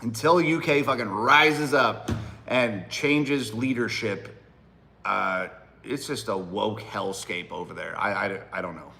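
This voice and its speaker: A man's voice: fairly low pitch, takes it slowly, creaky, bright, forceful tone, slight background noise. A man in his thirties hosting a casual livestream, talking in a blunt, profane and rambling way to his viewers. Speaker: livestream host and rapper.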